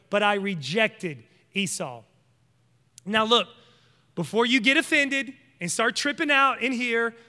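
A man's voice: high-pitched, bright, forceful tone, in a large hall. A man preaching a sermon, emphatic and conversational, speaking straight to his congregation.

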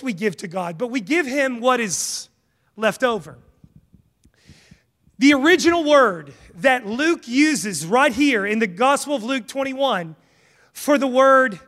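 High-voiced preacher in a reverberant hall. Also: male voice. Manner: animated, conversational preaching with jokes and acted asides. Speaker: pastor. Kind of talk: sermon.

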